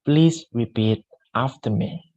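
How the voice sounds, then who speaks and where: A young man, a student, leading a pronunciation drill with slow, deliberate repeat-after-me delivery. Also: medium pitch, darkish tone, muffled recording. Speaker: student giving a pronunciation lesson.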